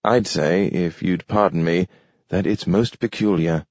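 A man doing a fussy, deferential robot butler, polite and worried. The voice is very deep and the delivery formal. The recording is dry with a muted, dull top. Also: unhurried, darkish tone, no echo. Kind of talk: audiobook character voice. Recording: dull, dry studio read.

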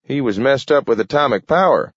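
A garrulous old war veteran speaks in a raised, lively voice, all folksy rambling and excitable asides, as put on by a man reading a storybook. The recording is dull and dry. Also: medium pitch, brisk, slightly rough, no room sound, pitched above the performer's own voice. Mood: reminiscing.

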